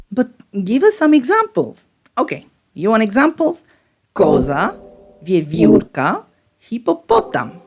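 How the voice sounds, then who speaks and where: A woman's voice: fairly high pitch, slight background noise. A woman from Spain with a Spanish accent, playfully explaining word stress in a casual talk to camera. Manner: playful, demonstrates stress patterns aloud. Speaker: language vlogger. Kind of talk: casual explainer with sung examples. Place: outdoors in a forest.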